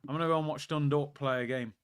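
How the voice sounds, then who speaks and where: A young man hosting a live football watchalong, chatting excitably, reacting to the match and answering viewer questions. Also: on the high side, quick pace, smooth.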